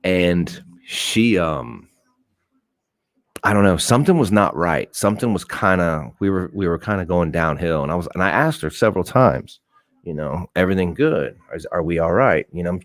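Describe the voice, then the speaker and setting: A man's voice: sits low, expressive, moderate pace, no room sound, studio quality. A young man hosting a live show, telling a profane dating story with acted-out quotes. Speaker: host. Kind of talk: casual storytelling to a live audience.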